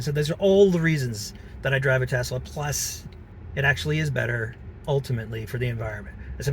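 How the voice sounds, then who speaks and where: A man vlogging from a car, talking in an earnest, halting way with many fillers. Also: mid-range voice, a little hiss or hum. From Canada. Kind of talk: reflective personal vlog.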